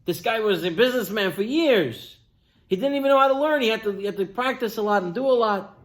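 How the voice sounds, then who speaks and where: A man, a rabbi, preaching a sermon as an animated storyteller who addresses listeners directly and swings from loud to near-whisper. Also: sits high, fast.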